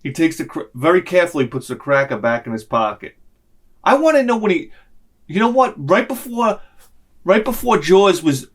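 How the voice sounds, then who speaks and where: A middle-aged man ranting through a casual, comedic vlog monologue, slipping into other people's voices as he goes. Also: on the high side. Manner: animated ranting, acts out lines in voices. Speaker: vlogger.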